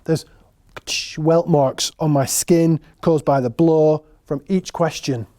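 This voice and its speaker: A man delivers a solo theatre monologue with a wry, sardonic edge, talking straight to his audience. His voice sits fairly high but sounds mellow and warm. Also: fairly even intonation, slow. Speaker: writer and performer.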